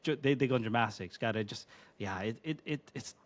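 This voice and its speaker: A man's voice: mid-range voice, a little fast. A man in his thirties hosting a podcast, chatting casually and rambling with many fillers. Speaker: podcast host. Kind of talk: casual chat.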